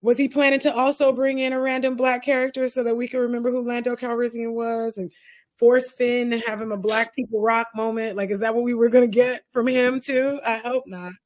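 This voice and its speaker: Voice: mid-range voice, flat delivery, fairly quick. Blunt, opinionated podcast co-host. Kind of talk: casual chat.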